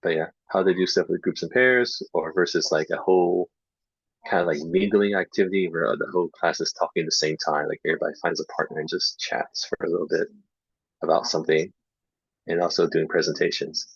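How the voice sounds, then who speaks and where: A man giving a casual online lesson on speaking feedback, talking in a relaxed way with lots of fillers and repeating student errors to demonstrate them. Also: low-pitched, a little fast, vocal fry, husky, dry recording. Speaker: English teacher trainer. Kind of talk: casual online teaching talk. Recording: dull lo-fi dry online recording.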